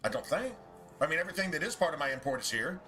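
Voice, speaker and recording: Man, game streamer, casual gameplay commentary, swears a lot, grumbly, bright voice. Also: on the high side, very animated, racing, soft background music. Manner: profane, complaining, laughs often.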